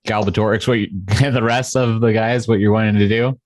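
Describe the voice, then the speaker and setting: A man running a tabletop game as game master, with a quick, easygoing manner. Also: on the low side, steady tone, very noisy.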